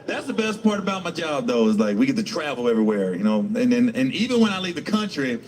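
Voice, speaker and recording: A man's voice: mid-range voice, big pitch swings, fast, noisy background. A middle-aged male stand-up comedian telling profane, rambling stories full of restarts.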